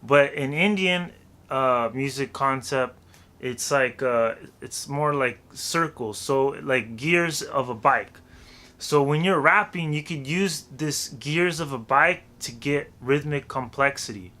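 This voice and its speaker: A man's voice: mid-range voice, takes it slowly, pushed and bright. A man teaching how to rap in a loose, chatty way, counting beats aloud and scatting rhythms. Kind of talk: casual music lesson.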